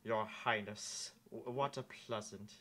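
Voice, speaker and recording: A woman voicing a smug, slippery male courtier with a slow nasal drawl. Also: very deep voice, fairly even intonation, fairly bright tone, a little hiss or hum, full character voice.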